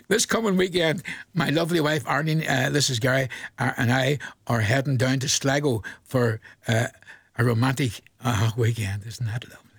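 A man's voice: mid-range voice, moderate pace, breathy edge, no room sound. A man with a Northern Irish accent presenting a radio request show, chatting jovially and chuckling as he reads out listener messages. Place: radio studio.

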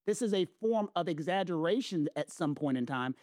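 High-voiced emphatic Southern US man. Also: expressive, moderate pace, darkish tone, no echo. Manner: emphatic, lecturing, repeats phrases for stress. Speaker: legal commentator co-host. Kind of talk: casual explanatory chat.

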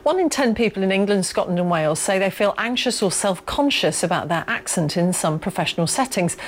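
A woman presenting the news in a formal, even reading. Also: lowish voice, a little hiss or hum.

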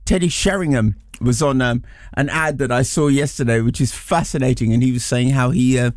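A man's voice: mid-range voice, a little fast, a little mellow, no room sound. A man co-hosting a weekend radio show, chatting in a jokey, teasing way from a studio mic. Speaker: radio co-host. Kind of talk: playful breakfast radio chat.

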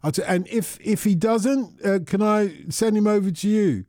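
A man's voice: sits high, moderate pace, darkish tone, no room sound. Male phone-in host, rambling and chatty, darker tone, dry studio sound. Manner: rambling, repeats himself, chatty. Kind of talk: casual radio chat with callers.

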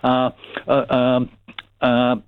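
A man's voice: medium pitch, completely flat delivery, very slow, clean tone, no room sound. Burnley-accented man on a phone line. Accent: Lancashire, Burnley. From Burnley, England. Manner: hesitant, many fillers and restarts. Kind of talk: casual radio phone-in chat. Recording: thin phone line, dry.

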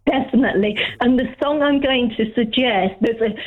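A woman's voice: on the high side, moderate pace. A woman calling a radio show, chatting in a friendly, slightly hesitant way. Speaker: caller. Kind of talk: casual chat. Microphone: phone. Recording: tinny phone line.

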